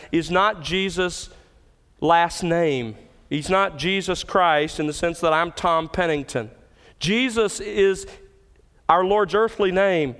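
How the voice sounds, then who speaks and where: A man preaching from the pulpit, his voice somewhat higher than most and smooth and resonant. He stresses key words with emphatic lifts. His voice rings out through a hall with a long reverb. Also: a bit bright. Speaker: pastor. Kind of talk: expository sermon.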